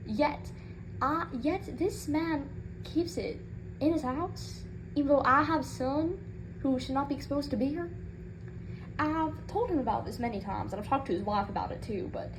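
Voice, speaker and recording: A woman's voice: sits high, expressive, normal speed. A woman doing a comedic in-character rant as a proud mother, sassy and rambling, indignant on her son's behalf. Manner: sassy, rambling, indignant, with Southern-style turns of phrase. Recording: noticeable background noise.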